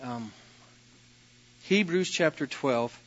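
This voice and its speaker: A man preaching a sermon as pastor, telling personal stories with a self-deprecating manner and occasional loud bursts. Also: a little high, lively intonation, slow pace, highs cut off.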